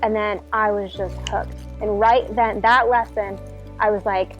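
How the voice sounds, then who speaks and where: A woman's voice: mid-range voice, steady tone, a little slow. A woman casually telling a personal story, acting out her own past reactions with lots of "like" fillers. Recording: dull lo-fi sound, faint music behind.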